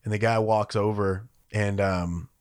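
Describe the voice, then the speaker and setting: A man with a fairly low voice co-hosts a relaxed podcast chat. He rambles through his stories, packing them with "like" and "you know". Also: measured pace, smooth. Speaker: podcast co-host. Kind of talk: casual chat.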